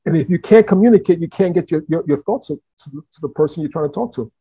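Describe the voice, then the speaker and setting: A man from the Caribbean hosting an interview, animated and talkative, often repeating words as he thinks. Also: on the high side, quick pace, husky, no room sound. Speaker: host. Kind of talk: casual interview chat. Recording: dull, dry lo-fi sound.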